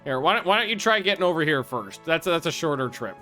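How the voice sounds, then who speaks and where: A man casually commenting on his own strategy game play, excitable, swearing freely and thinking aloud with restarts. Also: a little high, quick pace, faint music behind. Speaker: gaming video host.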